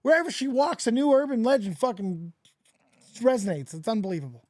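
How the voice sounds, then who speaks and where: A man gives crude, mocking reaction commentary into a close microphone. His pitch swings widely, and the room sounds dry, with almost no echo. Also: very animated, brisk, a little mellow. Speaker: host.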